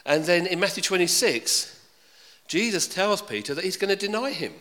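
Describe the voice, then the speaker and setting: Bright-voiced preacher in a hall. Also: male voice, high-pitched, expressive, moderate pace. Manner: conversational, asks the congregation questions. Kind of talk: sermon. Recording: reverberant hall.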